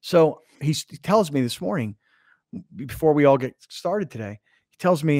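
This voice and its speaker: A man hosting a sports talk radio show, telling a story with excitement and acting out what others said. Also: a little high, normal speed, dry recording, clean studio sound. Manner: excited storytelling, acts out quoted lines. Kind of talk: casual show banter.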